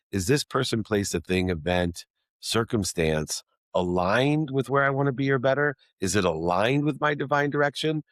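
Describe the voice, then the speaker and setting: A man's voice: lowish voice, no echo, studio quality. A middle-aged man, a guest in an interview, telling a personal story in an earnest, emphatic way with alliterative phrasing.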